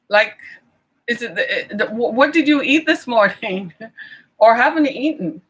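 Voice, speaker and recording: Middle-aged woman vlogger, fired-up indignant rant, higher bright voice. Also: animated, a little slow, breathy edge. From Michigan. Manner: indignant, rhetorical questions, exasperated. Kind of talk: impassioned political rant.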